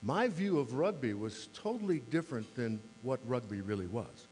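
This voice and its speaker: A man's voice: mid-range voice, animated, normal speed, darkish tone. A man in his sixties giving a mayor's talk to a club, telling wry, self-deprecating stories. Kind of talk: humorous anecdotal speech. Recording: reverberant hall with faint mains hum.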